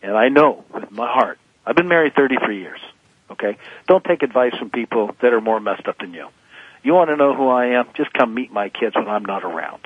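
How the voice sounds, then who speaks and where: In his fifties, a motivational speaker calls in as a guest on a radio interview and speaks emphatically, in a preachy motivational style. His mid-range voice is animated, brisk and husky, carried over a tinny phone line.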